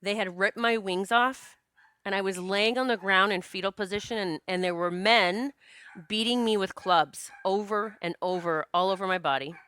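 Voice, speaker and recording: A woman podcast host and psychic medium telling a personal story in a casual, animated, earnest way, with many restarts and quoted self-talk. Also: medium pitch, moderate pace, clean tone, no echo. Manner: spiritual, earnest.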